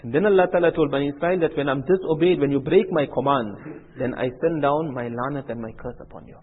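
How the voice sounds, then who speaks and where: A man's voice: medium pitch, quick pace, in a large hall, slight background noise. A man preaching an Islamic sermon, telling stories in earnest, repetitive phrasing and acting out the dialogue. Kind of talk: sermon with storytelling. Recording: tinny lo-fi phone-like recording.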